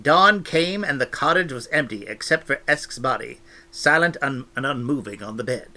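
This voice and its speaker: A man reading a novel aloud with expressive, animated storytelling. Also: mid-range voice, normal speed. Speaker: audiobook reader.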